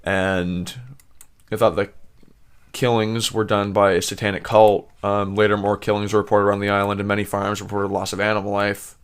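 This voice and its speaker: A man's voice: lowish voice, flat delivery, moderate pace, clear, resonant tone. A Canadian man co-hosting a podcast, chatting loosely and reading facts aloud in a rambling way. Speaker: podcast co-host. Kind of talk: casual chat.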